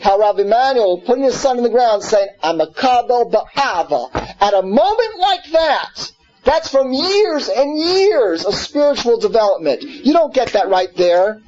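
A man's voice: high-pitched, darkish tone, highs cut off. A man teaching a scripture class in an earnest way, repeating words and putting questions to his listeners. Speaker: Torah teacher.

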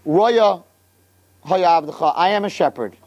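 Brief: a man playing a young shepherd, high and eager, earnest and gentle. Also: measured pace, lo-fi sound. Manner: innocent, earnest questioning.

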